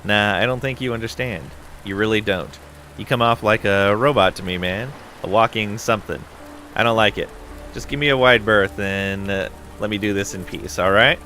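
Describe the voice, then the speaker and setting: Dude voicing a drunk pushy guy, rambling slang, lowish bright voice. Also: moderate pace, faint music behind. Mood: hostile. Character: drunk, brash man with a thick accent.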